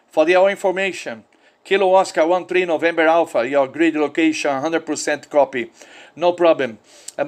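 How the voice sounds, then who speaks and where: A Brazilian man with a Brazilian Portuguese accent, a ham radio operator chatting and spelling call signs in friendly, repetitive English. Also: high voice. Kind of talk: amateur radio contact over satellite.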